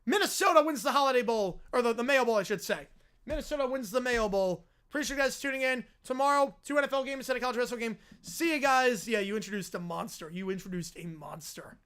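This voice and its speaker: A man hosting a live stream, reacting with loud disbelief and laughter. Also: very high voice, fast talker, smooth.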